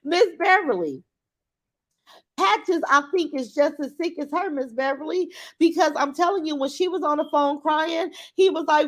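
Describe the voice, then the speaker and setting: A woman's voice: high-pitched, normal speed, a bit bright. A middle-aged woman livestreaming, talking in a blunt, profane, mocking way with emphatic repetition. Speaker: live streamer. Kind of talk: unscripted livestream rant.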